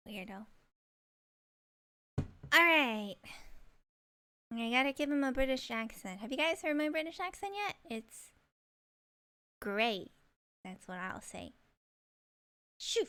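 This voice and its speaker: A playful woman streaming a game, chatting with her viewers and giggling as she reads. Her voice is high and lively, and she talks at an easy, unhurried pace. Game music plays clearly underneath. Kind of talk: casual live-stream chat and reading game lines.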